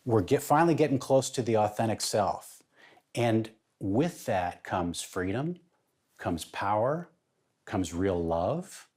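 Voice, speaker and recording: A man's voice: fairly low pitch, lively intonation, takes it slowly, a little mellow, husky. A man speaking as an interview guest, telling a personal story in an emphatic way that builds in intensity.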